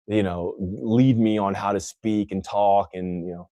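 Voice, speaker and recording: Casting: young man from Texas, odd self-made accent, lowish voice, loose rambling livestream host, dry close sound. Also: fairly even intonation, a little slow, mellow, no echo. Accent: own mixed accent, not Texan. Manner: loose, rambling, many fillers and restarts. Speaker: livestream host answering viewer questions. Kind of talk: casual live Q&A.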